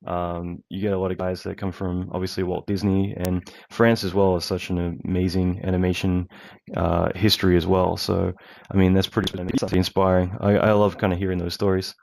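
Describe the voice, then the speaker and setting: A man's voice: deep voice, level tone, moderate pace, creaky, a little mellow. A man hosting an interview, asking long, rambling questions in casual chat. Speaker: podcast host.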